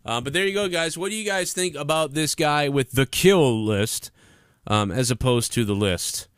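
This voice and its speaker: A man's voice: on the high side, normal speed, fairly bright tone, clean tone, no room sound, studio quality. A man giving heated, profane commentary on wrestling news in a vlog-style rant.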